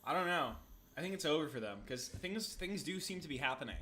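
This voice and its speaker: A Canadian man with a Canadian accent chatting casually on a stream. His voice is slightly higher than average, bright and lively in its swings, and he rambles along with frequent fillers as he thinks aloud. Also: fast talker. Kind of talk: casual chat.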